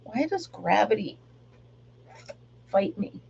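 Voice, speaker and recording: A woman's voice: mid-range voice, sing-song, slow, creaky, lo-fi sound, a little hiss or hum. A middle-aged woman chatting casually on a live stream while she crafts, laughing often and rambling about her day. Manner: chatty, laughs often, sings along softly. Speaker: livestream crafter.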